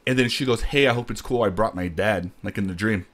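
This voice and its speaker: A man hosting a casual podcast, telling a story in a rambling, animated way. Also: on the low side, fast talker. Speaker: podcast host. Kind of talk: casual chat.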